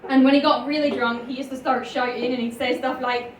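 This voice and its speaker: A young Northern Irish woman doing a stand-up comedy set with dry deadpan delivery, often laughing at her own jokes. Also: high-pitched, brisk, far from the mic, slight background noise. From Northern Ireland. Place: comedy club stage. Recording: echoey club, mic heard from afar. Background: audience laughter.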